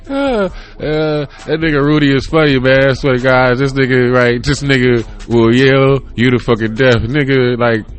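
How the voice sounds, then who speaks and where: A man in his thirties hosts his own podcast from a home room, rambling casually in a solo chat while laughing often and swearing freely. His voice is medium-pitched at a moderate pace with few pauses.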